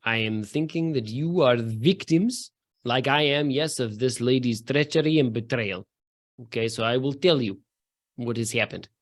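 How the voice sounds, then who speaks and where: A man voicing a male mercenary swordsman with a thick Russian accent who speaks slowly in broken grammar. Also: mid-range voice, voice pushed down, close to an everyday voice. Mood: conspiratorial. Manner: slow, heavy, deliberate speech in broken grammar.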